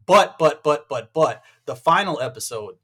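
Animated stammering man, bright voice. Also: a little high, moderate pace, husky. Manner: animated, stammering restarts, acts out quotes. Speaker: podcast co-host. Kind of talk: casual sports chat.

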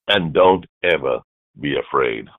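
A man preaching a sermon as bishop, emphatic, repeating key phrases and swinging from hushed to loud. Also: extremely low pitch, no room sound. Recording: dry, phone-like narrow sound.

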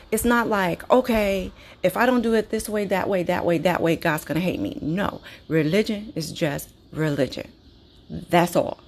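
A woman hosting her own podcast, talking candidly and conversationally about her experiences, with frequent restarts and fillers. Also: lowish voice. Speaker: podcast host. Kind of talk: casual personal monologue.

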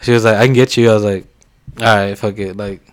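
A young man co-hosting a casual podcast, joking and teasing, then telling his own story from high school. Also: fairly even intonation, fast, smooth. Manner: joking, teasing, pushy banter. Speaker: podcast co-host. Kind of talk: casual chat.

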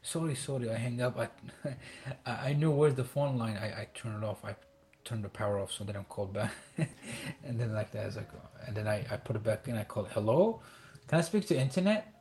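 A man's voice: lowish voice, steady tone, a little mellow. Male guest from Iraq, casual storyteller who stumbles and restarts, acts out quoted voices. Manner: halting, many restarts and fillers.

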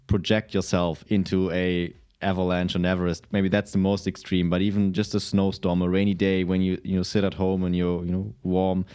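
A man hosts a podcast interview. He talks haltingly, circling back over his words. His voice is very deep and warm. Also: flat delivery, clear, resonant tone. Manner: halting, many restarts and fillers. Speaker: podcast host. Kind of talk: interview questions and reflections.

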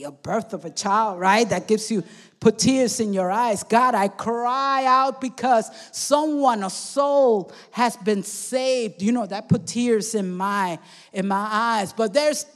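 A woman with a high voice preaches a sermon at an unhurried, deliberate pace. She presses her points with fervor, calls out to her congregation again and again, and now and then breaks into a shout. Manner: fervent, calls out "come on" and "amen" to the congregation, sometimes shouting.

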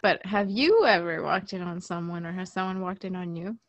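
A woman's voice: on the low side, moderate pace, no echo. Chatty young woman, dry close sound. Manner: rambling storytelling full of "like" and laughs. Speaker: podcast co-host. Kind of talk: casual chat.

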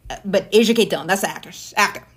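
A woman comedian in her thirties, from Maine, telling rambling stories in casual podcast chat, full of profanity and animated asides. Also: mid-range voice, quick pace. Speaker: stand-up comedian.

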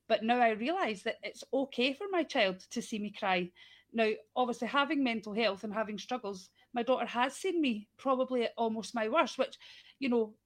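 A woman's voice: fairly high pitch, a little fast. Candid woman sharing personal stories. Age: adult with an eight-year-old daughter. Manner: candid, personal, heavy use of fillers like "like" and "you know". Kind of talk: casual conversation.

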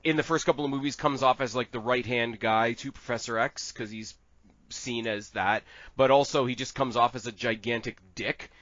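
A man's voice: mid-range voice, steady tone, normal speed, fairly bright tone, no echo. A man in a casual fan-casting chat, rambling and crude, laughing often. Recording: dull lo-fi sound.

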